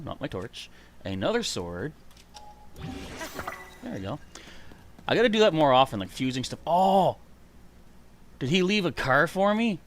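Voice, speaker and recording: A man giving live gameplay commentary, excitable and chatty, reading out viewer comments. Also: a little high, a little hiss or hum. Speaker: streamer playing a video game.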